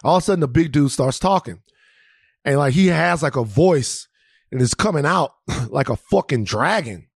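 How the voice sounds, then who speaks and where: A man from Louisiana co-hosting a podcast and telling a story in casual, profane, animated chat with many restarts. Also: on the high side, normal speed, vocal fry, breathy edge. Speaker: podcast co-host.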